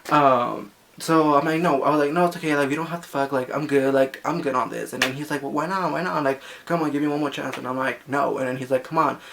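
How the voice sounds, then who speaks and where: A man's voice: a little high, fairly even intonation, quick pace, vocal fry, hardly any pauses, background noise. A young man telling a personal story in a chatty, sassy way, full of filler words. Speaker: vlogger. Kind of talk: casual storytime.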